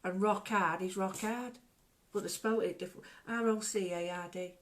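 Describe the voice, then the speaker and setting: A middle-aged woman talks through an art project in a loose, casual way. She is chatty and jokey and wanders off into stories. Her voice sits at an ordinary middle pitch for a woman. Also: steady tone, normal speed. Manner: chatty, digressive, jokey storyteller. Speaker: art workshop host.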